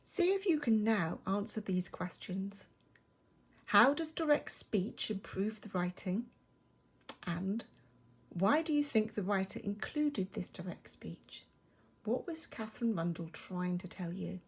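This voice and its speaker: A woman's voice: mid-range voice, lively intonation, measured pace, husky. A woman with an English accent, a primary school teacher, giving a recorded lesson and explaining patiently and expressively.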